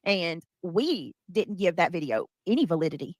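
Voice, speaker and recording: A woman host talks in a loose, slangy and profane way, with a lowish voice. She sounds close and dry, with no room around her. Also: sing-song, moderate pace, no echo. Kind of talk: casual commentary chat.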